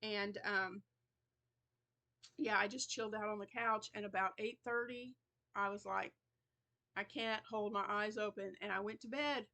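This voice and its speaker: A woman's voice: mid-range voice, steady tone, unhurried, pauses often, bright, forceful tone. A middle-aged woman hosting her crochet channel in casual, rambling chat, tired and yawning now and then. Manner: chatty, rambling, yawns and laughs between thoughts.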